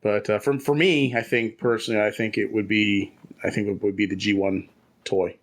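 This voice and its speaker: A man's voice: on the low side, steady tone, normal speed. A man co-hosting a casual podcast, rambling and chatty with frequent restarts. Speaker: podcast co-host. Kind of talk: casual chat.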